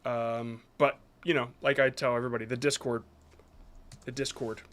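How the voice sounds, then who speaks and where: A man's voice: medium pitch, level tone, moderate pace, a bit bright. A man reviewing viewers' short videos on a live stream, talking casually and rambling a bit as he gives frank advice.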